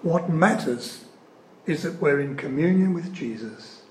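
A man giving an earnest, emphatic sermon-style teaching on scripture. He leans hard on key words and pauses often. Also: a little high, expressive, slight background noise. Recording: echoey room.

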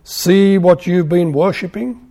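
A calm, wry young prophet, voiced by a man reading aloud. He speaks slowly and deliberately, in a high, mellow voice. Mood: measured.

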